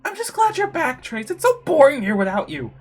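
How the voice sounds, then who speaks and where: Woman doing an excitable young tiger-woman. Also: high-pitched, a little fast, pitched above the performer's own voice. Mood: affectionate. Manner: excitable, bright.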